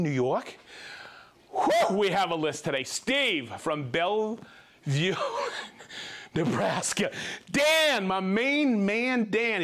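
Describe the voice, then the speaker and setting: Lively, high-voiced man reading shout-outs. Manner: playful, jokey, animated, quick to laugh. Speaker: host.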